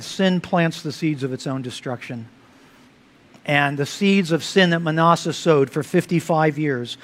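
A pastor preaching a sermon, swinging between loud emphatic lines and hushed, quiet asides. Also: male voice, on the high side.

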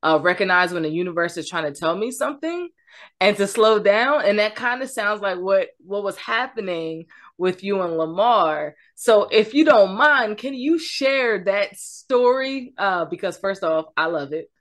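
A woman's voice: mid-range voice, lively intonation, a little slow, fairly bright tone. A woman hosting a podcast, asking encouraging questions in a casual interview. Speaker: podcast host.

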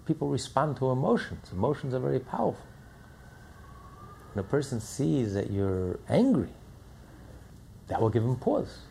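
Male rabbi lecturing, emphatic, gravelly and lively in pitch. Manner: emphatic, repeats phrases while building a point. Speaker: rabbi teaching a class. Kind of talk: Torah lecture.

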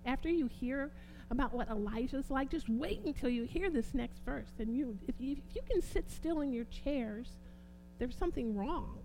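A woman preaching a sermon, fervent and swinging from quiet talk to loud exclamations. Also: high voice, animated, moderate pace, a little hiss or hum, rough recording.

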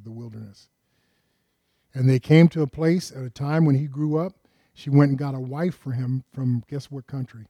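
Mellow-voiced man preaching a sermon. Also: mid-range voice, no echo. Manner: asks the congregation rhetorical questions; addresses listeners directly and earnestly. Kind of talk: conversational sermon.

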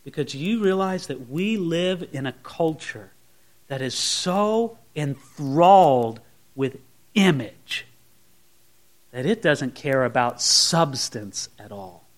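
A male pastor with a high-pitched voice preaches a sermon. He is animated and acts out the scenes, slipping into different voices as he goes. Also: takes it slowly.

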